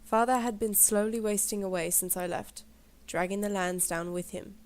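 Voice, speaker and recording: A woman's voice: medium pitch, fairly even intonation, a little mellow, natural voice. Woman reading as a grim young lord in a put-on accent. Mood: solemn. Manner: solemn, slow storybook reading in a put-on accent. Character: grim young male lord narrating his homecoming.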